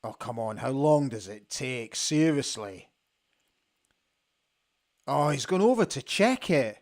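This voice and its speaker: A Scottish man hosting a live football watch-along from a studio, reacting excitedly to the play and chatting about viewers' comments. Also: medium pitch, slow.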